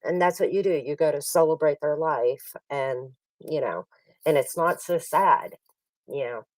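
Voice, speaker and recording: A woman's voice: low voice, a little slow, darkish tone, dry recording. A woman chatting sympathetically in casual conversation. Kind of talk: casual chat. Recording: dry, distant mic.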